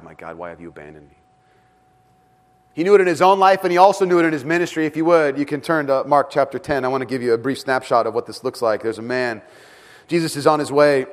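A man preaching a sermon as pastor, dramatic in delivery and often dropping to a hush for emphasis. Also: medium pitch. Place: church with several rooms.

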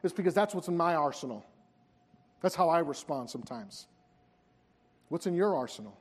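A man preaches a sermon with a high, earnest voice that pleads with the listeners. His intensity rises and falls across the message. The sound rings with the long reverb of a large hall. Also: animated, normal speed. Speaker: pastor.

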